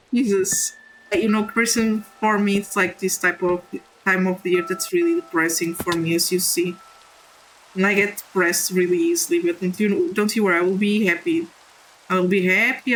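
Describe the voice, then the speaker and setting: A woman with a non-native English accent chatting candidly on a live stream while gaming, halting and apologetic. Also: mid-range voice, a bit bright, a little hiss or hum, poor audio.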